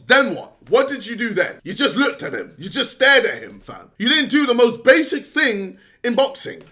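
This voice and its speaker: A man's voice: very high-pitched, wildly swooping pitch, moderate pace, hardly any pauses, sharp tone. A young man ranting straight to camera, scolding a fellow creator with exasperated, swearing outbursts and laughs between points. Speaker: vlogger addressing a fellow creator. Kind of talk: direct-to-camera rant.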